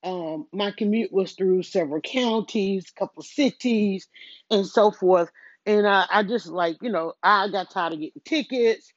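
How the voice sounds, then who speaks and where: A woman's voice: medium pitch, a little slow, dry recording. A chatty middle-aged woman tells a winding story while moving around her home. She keeps cutting herself off and acts out her own thoughts. Her headset mic sounds close, dry and a little muffled. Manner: chatty, self-interrupting, storytelling with quoted self-talk. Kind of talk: casual rambling vlog while doing chores. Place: at home, moving between rooms.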